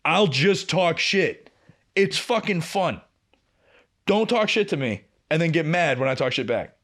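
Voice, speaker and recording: This young podcast co-host has a fairly high voice and an unhurried pace as he relates a work story in casual chat. He curses plenty and brings the story alive by acting out quotes.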